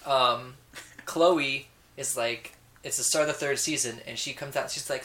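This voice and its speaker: A man's voice: mid-range voice, measured pace, a little hiss or hum. A man co-hosting a casual podcast, animatedly retelling a reality show with lots of swearing. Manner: ranting, profane, animated storytelling. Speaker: podcast co-host. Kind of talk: casual chat.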